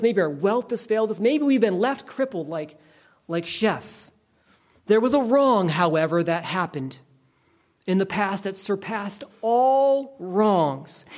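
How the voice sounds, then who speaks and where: A pastor preaching a sermon in an earnest storytelling way, slowing down to stress key words. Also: medium pitch.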